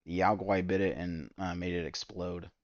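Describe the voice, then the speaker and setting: A man streaming a game, ranting in exasperated, profane commentary that spikes loud and high. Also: steady tone, normal speed, no echo, muffled recording. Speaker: gaming streamer. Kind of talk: ranting commentary while gaming.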